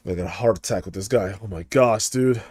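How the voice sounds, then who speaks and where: A young man commentating a game playthrough in a casual, animated, profane, laughing way. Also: lowish voice, brisk, no echo, clean studio sound. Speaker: streamer.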